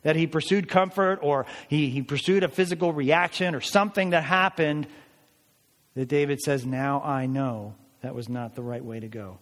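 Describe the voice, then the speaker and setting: A man's voice: a little high, normal speed, fairly bright tone, big-room sound. A man preaching a sermon, earnest and building to emphatic declarations as he explains scripture. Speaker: pastor.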